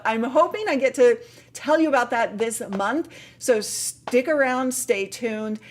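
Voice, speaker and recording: A woman hosting a casual live Q&A stream, sounding tired but chatty and upbeat, laughing often and trailing off into fillers. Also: medium pitch. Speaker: livestream host.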